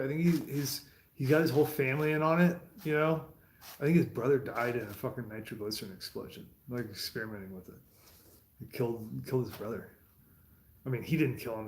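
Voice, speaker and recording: A man's voice: mid-range voice, a little hiss or hum. A man talking casually in a rambling, profane monologue from his home garage, with laughing asides. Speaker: streamer. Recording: roomy echo.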